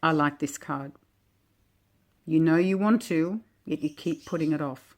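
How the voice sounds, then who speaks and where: Soft-spoken woman musing over cards. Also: sits low, a little slow. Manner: gentle, reflective, chatty with soft laughs. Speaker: oracle deck creator. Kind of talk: casual walk-through of oracle cards.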